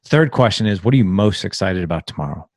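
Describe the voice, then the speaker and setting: A man's voice: low-pitched, dry recording. A middle-aged man in casual conversation as a podcast guest, talking from home on a video call and animatedly acting out bits of family dialogue. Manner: animated, acts out family dialogue in quick voices. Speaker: podcast guest, fellow father.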